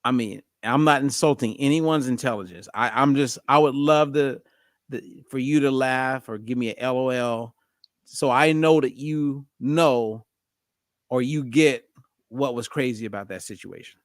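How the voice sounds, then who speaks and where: A man hosting a podcast, telling a story in a lively, conversational way. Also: mid-range voice, unhurried, no room sound, clean studio sound. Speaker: podcast host.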